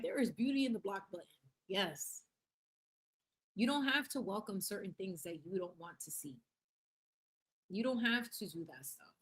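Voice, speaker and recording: Animated woman chatting on a livestream. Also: medium pitch. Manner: animated, slangy, mixes in Spanish phrases; laughs often and reads chat aloud. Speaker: livestream host. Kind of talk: casual livestream chat.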